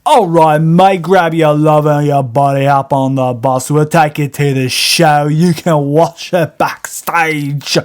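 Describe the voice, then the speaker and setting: A man's voice: on the high side, fairly even intonation, measured pace, hardly any pauses, smooth, natural voice. A man voicing a brash, cocky rock band lead singer who calls people mate.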